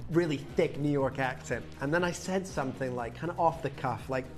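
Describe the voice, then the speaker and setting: A man co-presenting a live shopping show, relaxed and agreeable, telling stories. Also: mid-range voice, fairly quick, faint music behind. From Canada. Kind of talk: live sales chat and anecdote.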